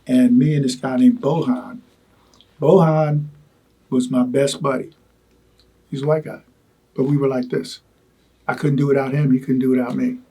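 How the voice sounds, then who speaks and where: An older man recalling his wartime experiences in an oral history interview, talking haltingly with many repeated words and asides. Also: medium pitch, mellow, slightly rough. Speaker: Vietnam veteran interviewee.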